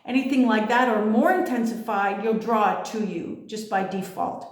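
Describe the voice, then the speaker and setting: A woman's voice: mid-range voice, normal speed. A woman giving a casual spiritual monologue, blunt and emphatic, swearing freely. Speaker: spiritual vlogger. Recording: echoey room.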